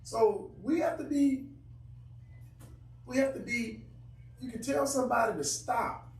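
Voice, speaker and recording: A man with a very high, gravelly voice speaks at a measured pace, earnest and emphatic, as a member of a Bible study class. The room echoes, he sits far from the microphone, and faint noise is audible.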